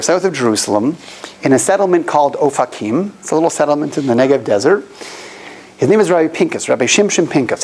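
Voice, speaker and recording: Man teaching a class, animated storyteller, faint room hiss. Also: on the high side, vocal fry, poor audio. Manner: animated storyteller, acts out quoted voices. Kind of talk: storytelling lecture. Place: classroom opposite the Western Wall.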